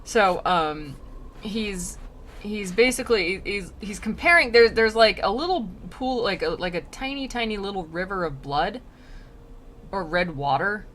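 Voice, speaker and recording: A woman's voice: mid-range voice, animated, unhurried, fairly bright tone, a little hiss or hum. A woman streamer casually reading an old poem aloud and chatting about it, giggling often. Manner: chatty, giggly, lots of fillers.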